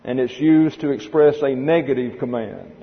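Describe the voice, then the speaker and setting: A man's voice: medium pitch, normal speed. A man teaching Greek grammar in a methodical classroom lecture, spelling words out letter by letter. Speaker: Bible teacher. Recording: dull lo-fi recording with long hall reverb.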